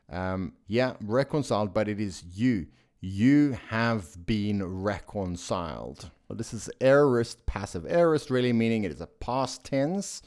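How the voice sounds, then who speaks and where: A man teaching scripture, explaining the grammar of a Greek passage in an unhurried, enthusiastic way with frequent fillers and restarts. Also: lowish voice, darkish tone. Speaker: bible teacher. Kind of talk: explaining a Greek sentence diagram.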